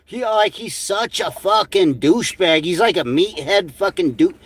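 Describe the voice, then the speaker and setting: A man's voice: sits high, lively intonation, moderate pace, breathy edge, no echo. A man co-hosting a livestream in casual banter, swearing a lot and mocking someone. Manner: mocking, swears a lot, shouts mimicked lines. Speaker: livestream co-host.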